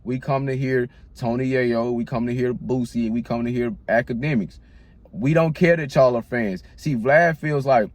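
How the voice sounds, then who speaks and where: A man's voice: medium pitch, moderate pace, darkish tone. A man hosting his own channel, delivering a blunt, profane rant straight to the camera. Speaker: channel host.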